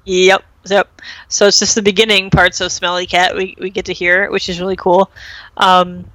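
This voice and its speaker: Recapping a TV episode on her podcast, a young woman chats casually, packing her retelling with "um," "like" and quickly acted quotes. Her lowish voice sounds bright and forward yet level in tone. The recording is dry and close, with no room sound, and rough.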